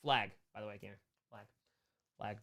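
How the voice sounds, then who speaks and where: A man's voice: fairly low pitch, fairly even intonation, fairly bright tone. A young man hosting a casual live-stream Q&A, reading chat questions and rambling through jokes and asides. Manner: joking, rambling, quick asides.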